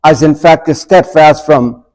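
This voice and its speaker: High-voiced man leading Bible study. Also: a little mellow, faint music behind, low-quality recording. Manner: asks the group questions, reads verses slowly. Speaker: adult forum teacher. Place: church meeting room.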